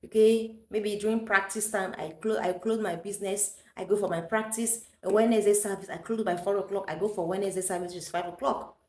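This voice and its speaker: A woman's voice: medium pitch, steady tone, a little fast, hardly any pauses, mellow, reverberant. A woman with a Nigerian accent, a vlogger chatting through a personal story, slipping into Pidgin English and laughing often.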